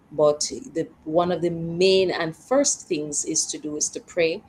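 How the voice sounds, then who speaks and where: Woman, radio host, low voice, faint background hiss, calm and affirming. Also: poor audio. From Jamaica. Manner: affirming, calm, faith-based commentary. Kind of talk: radio talk show hosting.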